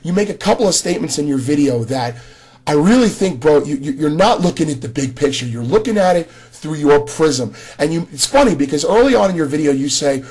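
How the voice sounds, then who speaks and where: A man's voice: fairly high pitch, lively intonation, fairly quick, darkish tone, husky. A man giving a casual spoken video response, talking straight to another creator with frequent restarts. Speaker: gaming commentator.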